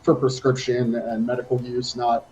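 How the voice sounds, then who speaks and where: A man's voice: medium pitch, level tone, moderate pace, a little mellow, highs cut off, soft background music. A man player chatting casually, rambling and joking about himself. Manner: rambling and self-mocking. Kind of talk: casual chat.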